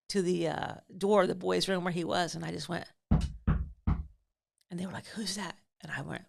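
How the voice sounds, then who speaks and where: A woman hosting a podcast, telling a funny story in an animated way, acting out voices and often breaking into laughter. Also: lowish voice, creaky. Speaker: podcast host and mother. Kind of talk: comic storytelling.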